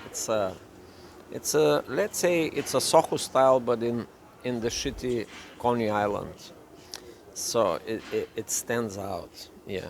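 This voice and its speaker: A man's voice: medium pitch, slow pace, vocal fry, a little hiss or hum. A man co-hosting a casual chat on a cafe terrace, joking and rambling. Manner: joking, rambling, switches into mock voices. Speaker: vlog co-host.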